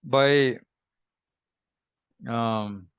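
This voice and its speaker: A man giving a devotional scripture class in a reflective, measured way, pausing often and humming between thoughts. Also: medium pitch, fairly bright tone, clean tone, dry recording, dull audio. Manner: reflective, measured, with pauses and hums. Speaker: scripture teacher.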